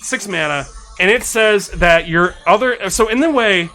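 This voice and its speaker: A man's voice: high-pitched, sharp tone, soft background music. A man streaming live, cheerfully reading out and chatting about viewer suggestions and thanking followers, talking into a desk microphone. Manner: enthusiastic, thanks followers, reads card text quickly. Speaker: streamer reviewing card suggestions. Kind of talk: casual live-stream chat.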